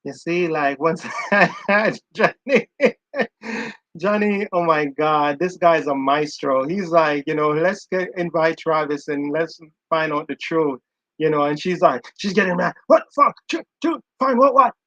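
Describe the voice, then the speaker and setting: A man's voice: on the high side, a little slow, a bit bright, dry recording, highs cut off. Chatty, emphatic male stream commentator. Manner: emphatic, chatty, repeats himself. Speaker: commentator reacting to played audio. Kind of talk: casual live-stream commentary.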